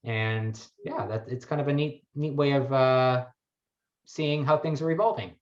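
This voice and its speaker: A man's voice: mid-range voice, steady tone, unhurried. A man working as a wellness coach, talking thoughtfully in an interview and searching for his words as he goes. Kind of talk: conversational interview. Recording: muffled lo-fi audio.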